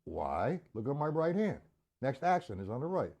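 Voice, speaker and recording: Lively-voiced man teaching drums. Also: medium pitch, normal speed, loud music behind the voice. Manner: breaks patterns down step by step, counting beats aloud; speaks to chat viewers by name. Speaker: drum teacher. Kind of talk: live-streamed drum lesson.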